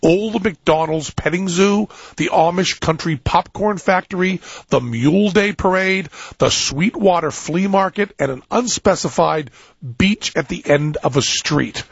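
A man's voice: high voice, measured pace, gravelly, slightly rough, dry recording, muffled recording. A man hosting a radio talk show, joking and rambling with frequent restarts.

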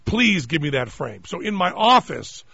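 On his radio show, a man spins a long, funny anecdote in casual chat, animatedly acting out the other people's lines in their voices. His slightly high, husky voice has vocal fry and a normal pace, captured on a studio microphone with a dry, slightly dull sound and no room noise.

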